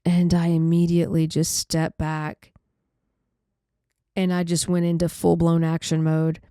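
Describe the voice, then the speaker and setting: A woman podcast host recounting a painful personal story in a halting, conversational way with many restarts. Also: fairly low pitch, completely flat delivery, dark tone, smooth, dry recording, studio quality.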